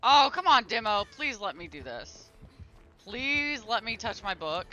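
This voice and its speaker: A man's voice: high-pitched, very animated, measured pace, bright, forceful tone, highs cut off. A man streaming a video game live, talking to himself in an exasperated, grumbling way. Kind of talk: live gameplay commentary.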